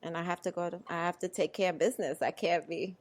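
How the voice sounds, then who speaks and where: A woman's voice: fairly low pitch, fairly even intonation, fast talker. Teasing young woman podcast co-host. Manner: teasing, laughs through her stories. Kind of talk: casual chat.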